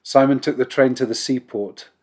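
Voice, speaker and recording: A rabbi reading a holiday children's story aloud in a measured, expressive storybook narration. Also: male voice, medium pitch, husky.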